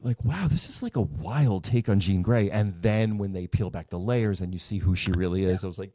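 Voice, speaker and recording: A man co-hosting a podcast in casual chat, talking in an effusive, animated way. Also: deep voice, fairly quick, hardly any pauses, dry recording. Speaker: podcast co-host.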